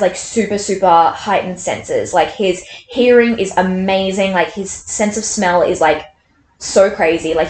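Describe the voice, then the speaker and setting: A young woman in her twenties talks through a novel in a loose, rambling chat, breaking off into animated, incredulous asides. Her voice sits in the middle of the range. It rings in a roomy space with a faint hiss of background noise. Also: medium pitch. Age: 20s. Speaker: book reviewer. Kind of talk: casual chat reading aloud from a novel. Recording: roomy echo.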